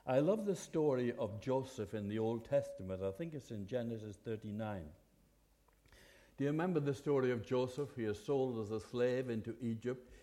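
A man's voice: mid-range voice, mellow. A man preaching a sermon in an earnest, conversational way, with hesitant restarts. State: occasional cough.

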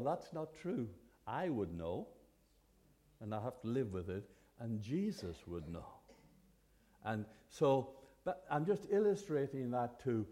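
Male preacher, earnest and chatty, restarts a lot, mellow warm voice. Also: medium pitch, very animated, a little slow. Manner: earnest, conversational, with hesitant restarts. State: occasional cough. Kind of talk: sermon.

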